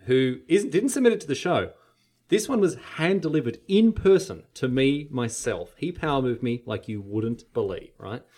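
A man on a casual podcast, telling a story in an animated way and acting out the quotes. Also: moderate pace. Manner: animated storyteller, acts out quotes with big pitch jumps.

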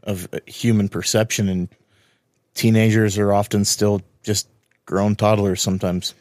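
A man co-hosting a podcast in casual chat, jokey and quick to laugh along. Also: lowish voice, level tone, darkish tone, no room sound, studio quality. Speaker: podcast co-host.

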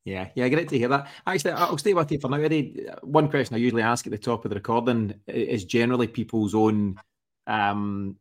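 A man's voice: mid-range voice, fairly quick. A man hosting a podcast interview, asking friendly questions that he steers with fillers. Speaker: podcast host.

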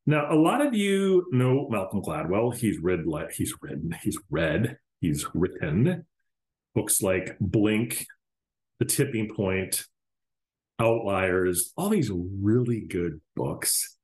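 A man's voice: lowish voice, big pitch swings, slow pace, a little mellow. Ranting male podcaster in a roomy echo. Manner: casual, profane, ranting. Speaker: podcast host. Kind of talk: solo podcast commentary.

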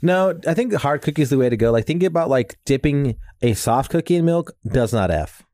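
A man's voice: on the high side, expressive, brisk, mellow. A man co-hosting a casual podcast, telling laid-back stories full of slang and swearing. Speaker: podcast co-host. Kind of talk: casual chat.

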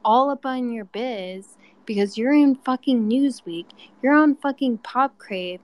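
A woman's voice: on the high side, a little slow, no room sound, low-quality recording. A woman calling into a live chat room, ranting angrily and swearing heavily. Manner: angry, heavy swearing. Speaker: caller. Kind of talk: heated rant.

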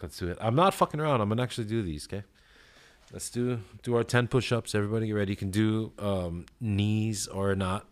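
A man hosting a casual solo podcast, laid-back and rambling, swearing freely with lots of fillers and a little out of breath. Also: fairly low pitch. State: out of breath after push-ups. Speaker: podcast host.

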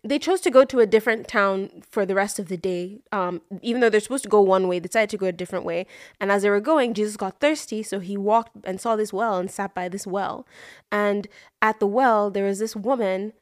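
A woman co-hosting a casual podcast, retelling a story with lively energy. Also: mid-range voice, fairly quick, no echo, clean studio sound. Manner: animated storytelling, acts out voices in quotes. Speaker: podcast co-host. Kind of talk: casual chat.

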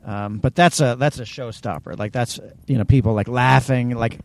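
A man's voice: medium pitch, moderate pace, a little hiss or hum. A man in his forties co-hosting a casual podcast, chatty and teasing. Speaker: podcast co-host. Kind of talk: casual chat.

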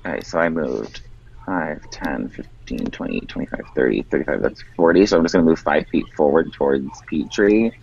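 A man's voice: a bass voice, expressive, normal speed, creaky, a little mellow, husky, lo-fi sound. A man playing a tabletop game, unhurriedly counting out his moves aloud. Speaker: player.

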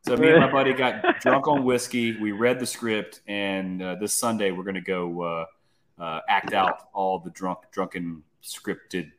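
A man's voice: lowish voice, steady tone, a little slow, crowd noise. A man guesting on a podcast, telling brash, joking stories and swearing freely. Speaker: guest, mountain bike video creator. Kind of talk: casual chat.

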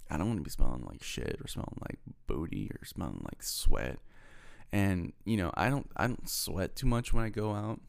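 A man's voice: sits low, normal speed, vocal fry. A young man from Houston telling a rambling, profane story in a casual monologue, acting out both sides of the conversations he recounts. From Houston, Texas. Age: young adult. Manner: rambling, profane, animated retelling with quoted dialogue.

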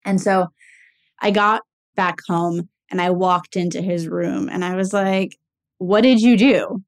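A woman's voice: on the low side, flat delivery, a little slow. A young woman telling a personal caregiving story in a candid, casual way, full of fillers. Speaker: caregiver sharing her story.

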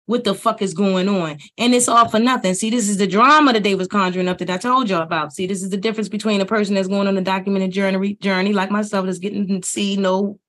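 A woman hosts a podcast, talking through reality-show clips in casual, profane commentary. She is blunt and opinionated. Her voice climbs higher and louder whenever she starts ranting. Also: steady tone, quick pace, few pauses. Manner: blunt, profane, rising loud and high when ranting.

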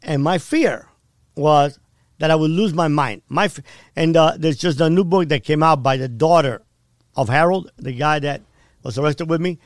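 A man's voice: on the high side, normal speed, no room sound, studio quality. A middle-aged man telling a harrowing personal story in blunt, vivid casual talk, often checking in with "right?". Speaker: podcast guest.

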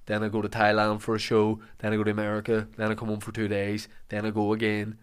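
A man's voice: lowish voice, monotone, fast talker, smooth. A man hosting a casual podcast chat, friendly and asking questions to steer the talk.

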